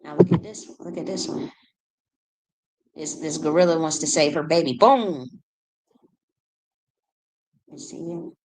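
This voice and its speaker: A woman with a low, deep speaking voice reacts to video clips in a loose, chatty way. She circles back on her words, repeating phrases as she works out what to say. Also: level tone, moderate pace, long pauses, a little mellow, rough recording. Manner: rambling, repeats words while searching for them. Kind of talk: casual commentary on video clips.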